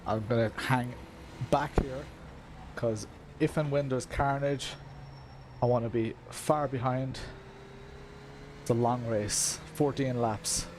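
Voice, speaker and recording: A man's voice: mid-range voice, steady tone, slow, pauses often, noisy background. A young man giving live, rambling commentary while racing in a sim game, laughing often and chatting to his viewers.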